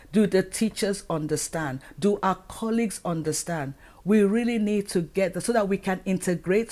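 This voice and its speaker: A woman's voice: on the low side, dark tone. Earnest woman asking questions. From Africa. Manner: earnest, asks many rhetorical questions. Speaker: channel host and educator. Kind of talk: talking-to-camera advice vlog.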